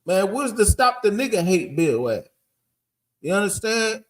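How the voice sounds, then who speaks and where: A man's voice: sits high, big pitch swings, unhurried. A man teaching a group in a blunt, emphatic street-preaching style, often checking that listeners understand. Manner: emphatic, keeps asking "you understand?"; blunt and profane.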